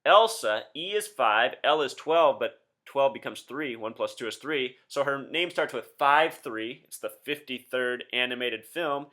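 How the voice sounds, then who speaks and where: A man in his thirties with a bright, forceful voice talks straight to his viewers. He is insistent and keeps throwing rhetorical questions at them, in the manner of a solo commentary video. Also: mid-range voice, expressive, measured pace, hardly any pauses. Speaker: video host.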